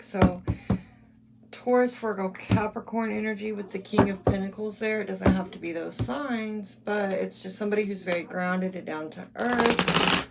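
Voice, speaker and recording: A woman's voice: medium pitch, moderate pace, gravelly. A woman giving a casual tarot reading, musing and thinking aloud as she lays out cards. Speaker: tarot reader. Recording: loud background noise.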